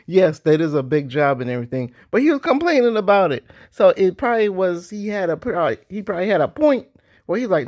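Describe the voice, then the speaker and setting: Slangy man riffing on marriage. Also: a little fast. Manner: animated, slangy, jumps into high-pitched mock voices. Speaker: vlogger. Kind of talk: casual commentary.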